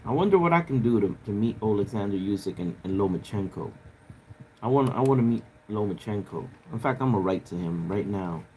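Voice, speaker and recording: A livestreamer with a fairly low, darkish-toned voice talks briskly and expressively, with a little hiss or hum present. He rambles in casual stream chat, speaking directly to viewers, loose, profane, and filler-heavy.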